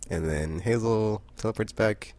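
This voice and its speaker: A man's voice: lowish voice, a little slow, darkish tone. A man casually recapping a comic book issue, rambling with many fillers and frequent laughter.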